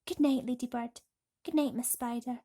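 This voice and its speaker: A woman voicing a gentle young boy in a storybook reading, speaking softly and quietly. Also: on the high side, fairly even intonation, moderate pace, voice pushed up. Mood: sleepy hushed. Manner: soft, hushed.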